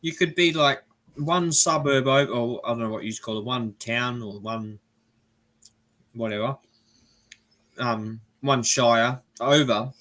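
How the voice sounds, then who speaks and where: A man's voice: medium pitch, a little slow, long pauses. An Australian man hosting a casual live-stream chat, talking loosely and laughing often. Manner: chatty, laughs often, animated impressions. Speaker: live show host.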